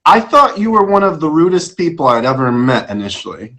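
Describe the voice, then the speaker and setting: A man's voice: fairly high pitch, very animated, fairly quick, bright, forceful tone. A young man hosting a casual live-stream talk show, jokey and self-deprecating, stumbling over words as his voice cracks.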